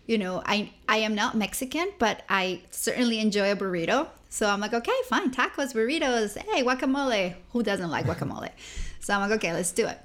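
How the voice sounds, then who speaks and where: A young woman from Venezuela, a guest telling her story in a casual interview, lively and acting out the people she quotes. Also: mid-range voice, brisk. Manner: animated, acts out quoted people.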